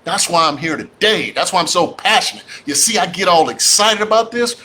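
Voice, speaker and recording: A man's voice: high-pitched, brisk, slight background noise. A man giving a fired-up, preachy livestream talk about real estate, calling out to his audience. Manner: animated, preachy, addresses audience as y'all. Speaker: real estate investor speaker.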